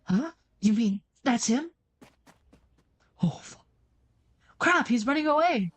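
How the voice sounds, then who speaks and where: A woman's voice: a little high, expressive, slow pace. A woman voicing a cheeky young cop. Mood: alarmed. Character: young male police officer, cheeky and playful. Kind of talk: reading a video game aloud.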